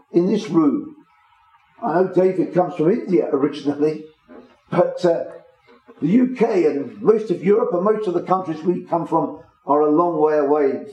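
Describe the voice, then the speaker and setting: A man gives a measured Bible talk to a small gathering and leans on the words he wants to stress. His voice sits a little high and sounds mellow and warm. The room around him is echoey. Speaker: preacher. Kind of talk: Bible teaching to a small congregation.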